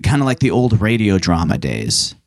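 A man's voice: fairly low pitch, big pitch swings, moderate pace, no room sound, clean studio sound. A man on a podcast as a guest, telling stories in casual chat, with lots of restarts. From New York. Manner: chatty, rambling storyteller with many restarts.

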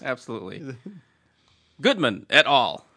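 A man's voice: mid-range voice, big pitch swings, measured pace, creaky, pushed and bright, slightly rough. A man co-hosting a podcast, reading a listener's letter aloud and laughing and stumbling over the words.

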